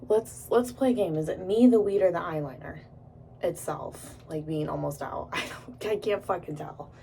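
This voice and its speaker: Young female vlogger, gravelly mellow voice, giggly swearing ramble, phone mic a bit off with faint room hum. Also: fairly low pitch, moderate pace, distant mic. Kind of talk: casual vlog chat while doing makeup. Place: indoors at home.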